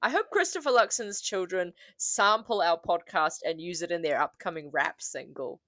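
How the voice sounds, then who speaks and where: Chatty New Zealand woman, lively pitch. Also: moderate pace, no room sound. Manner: chatty, laughs often, jokey asides. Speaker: podcast co-host. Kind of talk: casual chat.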